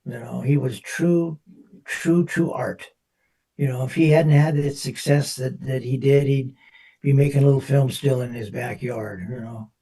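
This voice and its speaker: A man with a gravelly, husky voice and a dark, low timbre speaks on a live panel. He is reflective and halting, with his phrases often trailing off softly. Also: fairly even intonation, distant mic. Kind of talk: casual panel discussion.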